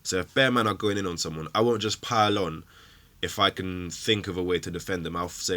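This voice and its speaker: Male fan-show host, low-pitched and bright, angry emotional ranting. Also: brisk. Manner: angry, swearing, emphatic rant.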